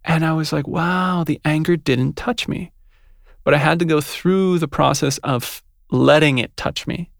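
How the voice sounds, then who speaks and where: A man speaks as a podcast guest in a relaxed, reflective conversation, now and then acting out his own thoughts. His voice is strongly gravelly and full of fry. The sound is close and dry. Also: fairly high pitch, no echo. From West. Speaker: podcast guest, yoga teacher. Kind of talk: casual conversation.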